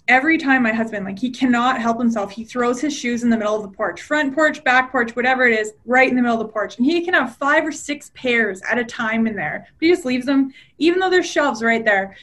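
A woman in casual conversation, telling personal stories in an animated way and acting out quoted dialogue. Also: a little high. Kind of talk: casual chat.

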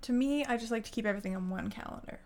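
A woman co-hosting a casual podcast, talking in a loose, rambling way and laughing often. Her voice has a gravelly edge of vocal fry, and she speaks close to a studio podcast mic. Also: on the high side, very fast, darkish tone. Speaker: podcast co-host.

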